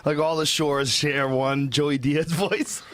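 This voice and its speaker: A man's voice: a little high, takes it slowly, background noise. A middle-aged man hosting a podcast, talking casually with comedian friends. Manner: relaxed, swears casually. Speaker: podcast host. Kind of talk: casual chat.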